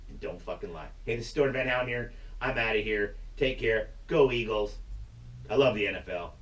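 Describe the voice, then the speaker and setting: A man's voice: lowish voice, animated, brisk, distant mic. A man hosting his own video channel, ranting bluntly and profanely in a rambling, casual way with frequent laughs. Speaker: YouTube channel host. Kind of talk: casual rant to camera. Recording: roomy sound, voice away from the mic.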